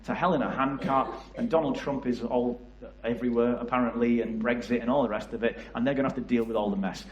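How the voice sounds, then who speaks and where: A man's voice: medium pitch, fairly even intonation, fast, few pauses, roomy sound, muffled recording. A man with a Liverpool area English accent giving a passionate church talk about youth work, often asking the audience questions. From England. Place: church hall.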